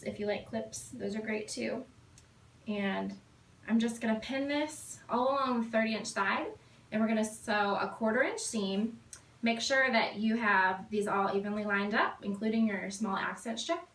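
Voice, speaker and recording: A woman in her thirties, hosting a sewing tutorial and cheerfully explaining each step. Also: fairly high pitch. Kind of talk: upbeat tutorial instruction. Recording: roomy, mic at a distance.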